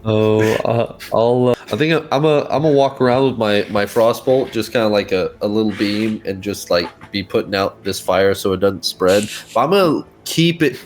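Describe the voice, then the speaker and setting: A man playing a tabletop game who talks hesitantly, with plenty of fillers. His voice sits on the low side. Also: moderate pace, hardly any pauses. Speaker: player.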